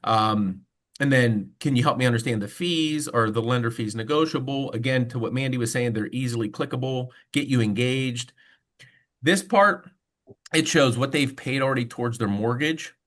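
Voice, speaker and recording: A man's voice: mid-range voice, moderate pace, fairly bright tone. A man who works as a mortgage loan officer, presenting on a video call webinar in a casual storytelling way with frequent fillers.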